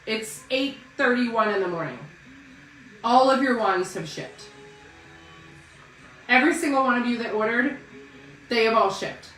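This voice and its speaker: A woman hosting a casual live stream selling wigs, bantering loudly and laughing with viewers. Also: mid-range voice, recorded from a distance, slight background noise. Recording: roomy sound from off-mic with faint music.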